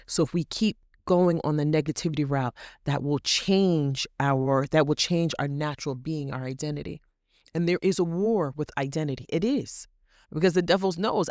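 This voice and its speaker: A woman's voice: sits low, dry recording, studio quality. A woman hosting a faith podcast, speaking straight to the listener in an emphatic, repetitive way. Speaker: podcast host. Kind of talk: inspirational faith podcast talk.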